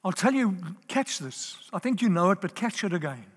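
A man delivering a sermon in a high, light voice. He stresses his points, says them over again and asks his listeners if they are with him. The sound rings out with the long reverb of a large hall. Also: big pitch swings, moderate pace. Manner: emphatic, repeats key phrases, asks the audience if they are there. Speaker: preacher.

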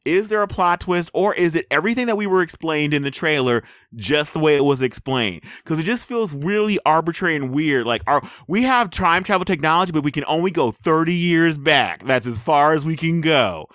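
Wry male podcast co-host, slightly high. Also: lively intonation, a bit bright, dry recording, clean studio sound. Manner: quick, wry commentary. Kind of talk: casual podcast chat.

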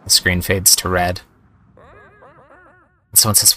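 A man's voice: low voice, flat delivery, slow, sharp tone. A man giving casual, chatty gameplay commentary, amused and thinking aloud as he plays. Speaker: let's-play host.

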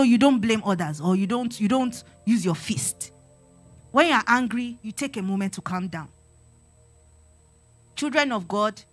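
A woman's voice: on the high side, a bit bright. An earnest woman preaches to a congregation in a sermon-style teaching. She exhorts her listeners and repeats phrases for emphasis. Faint music plays behind her. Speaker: church speaker on parenting.

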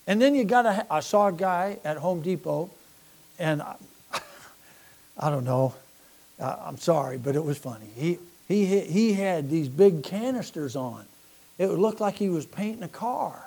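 Middle-aged male preacher, mellow and slightly high, rambling and self-deprecating, stammers on repeats. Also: expressive, a little slow. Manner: rambling, self-deprecating, repeats words, swings from quiet to loud. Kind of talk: folksy sermon.

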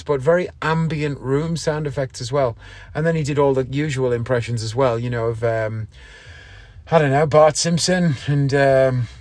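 A man's voice: mid-range voice, darkish tone, dry recording. Chatty man rambling on a podcast. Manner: rambling and chatty, with frequent ums and asides. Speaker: podcast host and variety magician. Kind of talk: casual podcast monologue.

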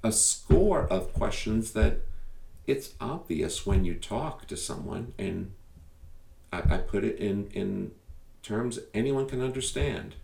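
A man's voice: fairly low pitch, expressive, slow, gravelly, dark tone, distant mic, slight background noise. A man hosting a podcast, speaking straight to his listeners in an emphatic, conversational way full of rhetorical questions. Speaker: podcast host. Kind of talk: direct-to-listener podcast monologue. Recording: echoey room, a bit off mic.

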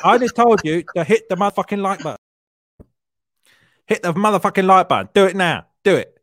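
A man barks profane orders in a high, swooping voice that leaps up and down with force. He sounds aggressive and relentless, and the sound is close and dry, with no room around it. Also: lively intonation, fairly quick, a bit bright, dry recording.

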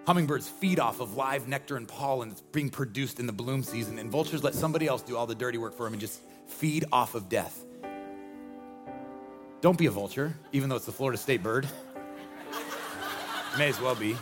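A man in his forties preaching a sermon as pastor, energetic and emphatic with repeated refrains. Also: medium pitch, moderate pace, long pauses, over music. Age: 40s.

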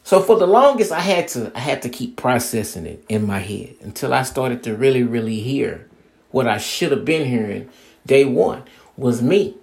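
Male podcast host with a gravelly voice, talking casually in a streetwise, profane way, plain-spoken monologue. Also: mid-range voice, expressive, normal speed, darkish tone. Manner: profane, streetwise, mocks others with blah blah.

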